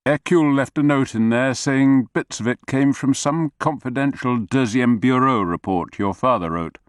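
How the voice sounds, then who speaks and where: A man plays an earnest, probing policeman in an inquiring mood, speaking at medium pitch and normal speed. The voice is pitched above his own but stays close to an everyday voice, and the studio sound is clean with no echo.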